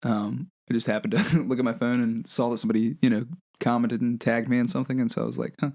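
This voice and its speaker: A man's voice: medium pitch, fairly even intonation, fast, a little mellow. A man co-hosting a podcast, telling stories in a laid-back way with frequent chuckles. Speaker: podcast co-host. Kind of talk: casual chat.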